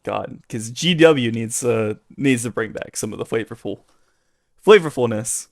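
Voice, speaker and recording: A man hosting a podcast, chatting easily with a co-host. His voice sits in a middle pitch, and he talks loosely with plenty of fillers. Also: normal speed. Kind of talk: casual chat.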